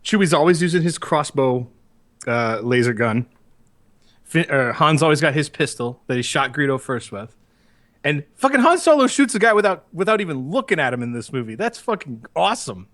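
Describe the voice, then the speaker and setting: A man co-hosting a podcast in casual chat, animated and profane, who acts out movie lines with sudden loud yelps. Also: on the high side, normal speed. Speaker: podcast co-host.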